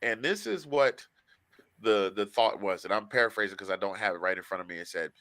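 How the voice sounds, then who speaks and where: A male sports podcast host with a low voice that still sounds bright and forceful. The recording is dry and close, with no room sound. He talks casually and tells stories with a lot of emotion and life. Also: a little fast, no echo. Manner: emotional, animated storyteller.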